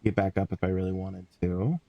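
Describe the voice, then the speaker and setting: A man's voice: sits low, flat delivery, fairly quick, creaky, no room sound, muffled recording. A tired young man talking casually to himself while streaming a game, mumbling and swearing now and then. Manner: drowsy, yawning, mutters to himself, swears casually. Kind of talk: casual gameplay commentary.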